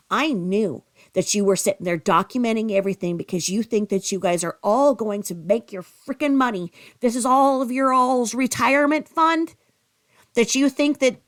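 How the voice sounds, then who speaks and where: Angry, sarcastic woman ranting. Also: high-pitched. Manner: heated, sarcastic, scolding with rhetorical questions. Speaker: commentary YouTuber. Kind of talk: angry drama commentary rant.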